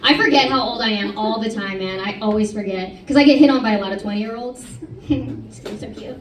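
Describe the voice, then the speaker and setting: A woman in her thirties doing a stand-up comedy set, animated and self-mocking, chatting with the audience. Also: on the high side, brisk, background noise. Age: 30s. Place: comedy club stage. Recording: roomy club sound from a distance. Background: audience laughter.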